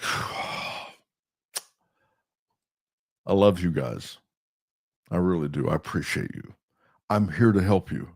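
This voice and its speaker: A middle-aged man with a low voice, preaching on his podcast with punchy emphasis. His delivery swings from fired up to soft and confiding. The sound is close and dry. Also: breathy edge, no echo. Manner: emphatic, animated, laughs at himself. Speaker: pastor and podcast host. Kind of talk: sermon-like podcast talk.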